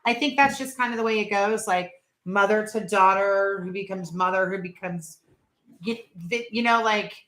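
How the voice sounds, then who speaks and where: Middle-aged woman, live-stream host, chatty and rambling, bright tone, echoey room. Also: medium pitch, normal speed. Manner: chatty, rambling, laughs at viewers' jokes. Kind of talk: casual live-stream chat.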